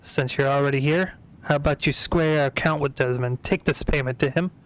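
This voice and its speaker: A man voicing a drunken, gruff male pirate sailor with slurred, old-timey seafaring speech. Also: a little high, steady tone, brisk, close to an everyday voice.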